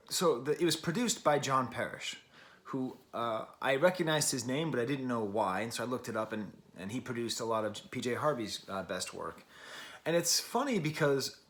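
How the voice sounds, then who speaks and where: With a medium pitch and fairly bright tone, the host of a music review show talks through an album in a casual spoken review, musing aloud in long chains of clauses.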